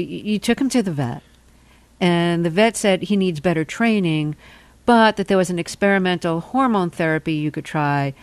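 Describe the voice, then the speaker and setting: A woman interviewer who calmly sums up the guest's story before asking her question. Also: on the low side, no echo. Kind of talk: radio interview.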